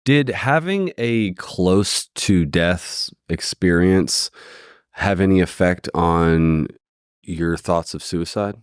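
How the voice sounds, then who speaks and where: A man hosting a podcast, asking interview questions and giving short, calm reactions. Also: sits low, slow, clear, resonant tone, no echo, studio quality. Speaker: podcast host.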